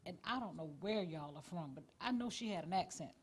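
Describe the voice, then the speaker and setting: A woman's voice: fairly low pitch, expressive, fairly quick, slight background noise. A woman guest on a radio interview, chatting and reminiscing, stretching out words for emphasis.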